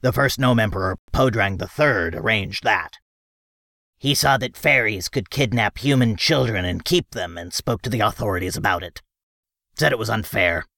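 A gravelly, snappish gnome, gruff and bossy, put on by a man reading an audiobook. The voice is bright and edgy, and the recording is dry and close. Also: lowish voice, moderate pace, no echo, full character voice. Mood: explaining. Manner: snappish, impatient.

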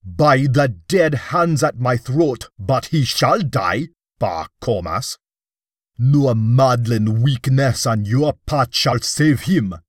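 A man's voice: medium pitch, lively intonation, takes it slowly, darkish tone, no room sound, clean studio sound. A man roaring as a menacing old tusked warrior chief. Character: huge scarred old male green Martian warrior chieftain.

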